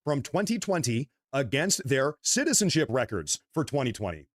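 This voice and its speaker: A man co-hosting a livestream, reading news items in a measured tone and addressing the audience as folks. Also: mid-range voice, sing-song, no room sound, studio quality.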